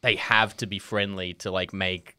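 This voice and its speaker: A man's voice: deep voice, level tone, moderate pace, sharp tone, smooth. A British man co-hosting a podcast, telling jokey anecdotes in casual chat with frequent swearing. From Britain.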